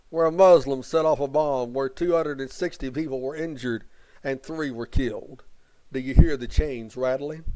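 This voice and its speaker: A man's voice: sits high, low-quality recording. A man delivering a declamatory rally speech with rhetorical questions and chanted refrains. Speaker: rally speaker. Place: outdoor rally.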